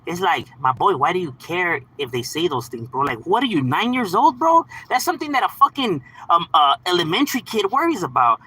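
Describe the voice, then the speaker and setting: A man's voice: high-pitched, very animated, fairly quick, few pauses, sharp tone, breathy edge, rough recording. A man on a casual livestream, talking to his chat in slang and profanity, often saying "bro" and "homie" and laughing as he talks. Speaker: live streamer.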